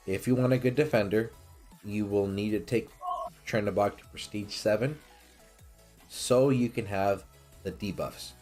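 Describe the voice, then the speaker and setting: Low-voiced laid-back male streamer. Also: unhurried, long pauses, darkish tone, faint music behind. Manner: laid-back, swears casually, reads chat aloud. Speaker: streamer and game host. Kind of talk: casual live-stream chat.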